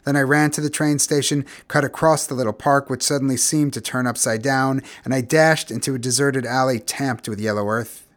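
Measured male audiobook narrator. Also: mid-range voice. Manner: measured, expressive, grows quiet and somber. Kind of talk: scripted literary narration.

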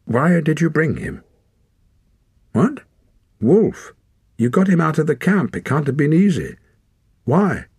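Stubborn young forest girl, lifted and lilting, a low-voiced male narrator putting her on; audiobook character voice, husky edge, dry close recording. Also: wildly swooping pitch, takes it slowly, long pauses, a little mellow, no room sound, heavily acted. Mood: probing.

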